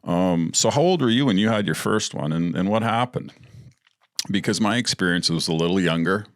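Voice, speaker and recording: A man's voice: low-pitched, normal speed, dry recording, clean studio sound. A man hosting a podcast, telling personal stories in a casual, blunt, profane way and laughing as he goes. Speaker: podcast host. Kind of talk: casual storytelling.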